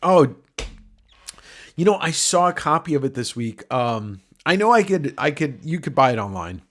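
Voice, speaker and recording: A man's voice: on the high side, very animated, normal speed, a bit bright. A man hosting a livestream giveaway, talking casually in a nasal voice, rambling and joking with the odd curse. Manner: rambling, joking, swears freely. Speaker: livestream host.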